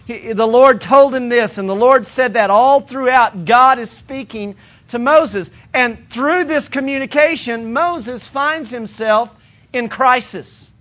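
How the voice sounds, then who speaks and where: High, bright-voiced male preacher. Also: slow. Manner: conversational, humorous, emphatic repetition. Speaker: pastor. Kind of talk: sermon.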